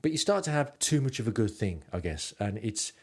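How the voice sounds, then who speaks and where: Low-voiced rambling storyteller man. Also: big pitch swings, a little fast, darkish tone. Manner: rambling, self-mocking, lots of ums. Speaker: podcast host and narrator. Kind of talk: travel storytelling narration.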